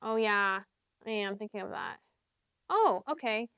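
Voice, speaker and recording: A woman's voice: medium pitch, animated, measured pace, vocal fry, clear, resonant tone, dry recording, lo-fi sound. A young woman talking casually about books and songs for her vlog, rambling with lots of fillers and sometimes half-singing lyrics. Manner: chatty, rambling, many fillers and "like"s. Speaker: book vlogger. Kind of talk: casual chat.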